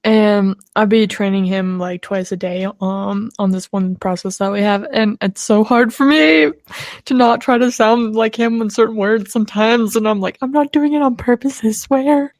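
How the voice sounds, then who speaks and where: A woman co-hosts a podcast, chatting easily and telling little stories with a laugh in her voice. Her pitch sits in a middle range, and the sound is close and dry. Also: steady tone, normal speed, no echo. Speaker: podcast co-host. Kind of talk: casual chat.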